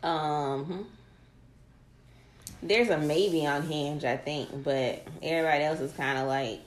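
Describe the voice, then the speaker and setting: A woman with a low voice talks casually about dating, keeping her replies low-key and brief. She is heard in an echoey room. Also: slow.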